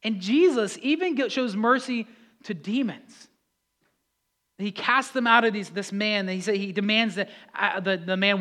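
A man preaching a sermon, talking with the congregation, swinging from loud pleading passages to hushed calm ones. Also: sits high, normal speed. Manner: builds to loud impassioned pleas, then drops to hushed calm; conversational preaching with audience questions. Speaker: pastor.

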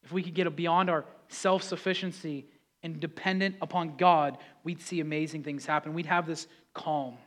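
A man preaching a sermon, talking with the congregation, swinging from loud pleading passages to hushed calm ones. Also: on the high side, normal speed. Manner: builds to loud impassioned pleas, then drops to hushed calm; conversational preaching with audience questions. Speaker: pastor.

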